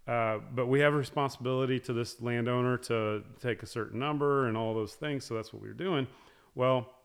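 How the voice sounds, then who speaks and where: A middle-aged man in casual conversation, telling a long story with many restarts and soft, trailing asides. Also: on the low side, clean tone. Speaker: guest talking about hunting with his daughters.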